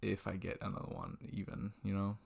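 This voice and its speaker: A man's voice: deep voice, level tone, fairly quick, vocal fry, darkish tone, slightly rough. A young man from Washington state telling a rambling, self-deprecating story about his restaurant shift, swearing freely, recorded on a webcam at night. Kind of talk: casual storytelling vlog. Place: indoors at a computer, late at night. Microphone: webcam mic.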